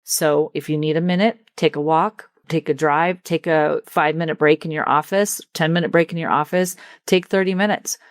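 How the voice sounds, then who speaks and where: A woman hosting a solo coaching podcast, talking earnestly and with empathy, and slowing down to stress her points. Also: deep voice, steady tone, no room sound, clean studio sound. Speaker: leadership coach and podcast host.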